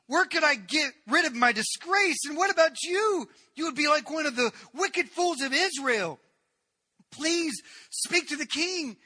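A man voicing a terrified young princess who pleads in high, loud cries. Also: lively intonation, unhurried, full character voice. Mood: pleading.

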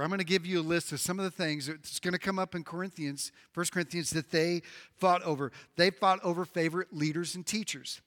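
A pastor preaching with a high, bright, ringing voice, talking to the congregation in a lively, conversational way and repeating his phrases. His words carry the long reverb of a big hall. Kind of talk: sermon.

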